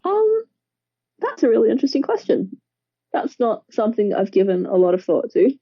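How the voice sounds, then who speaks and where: A woman's voice: fairly high pitch, big pitch swings, normal speed, husky, no echo. An Australian woman in casual discussion, thoughtful and peppered with "like" fillers. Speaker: co-host. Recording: dull, lo-fi dry recording.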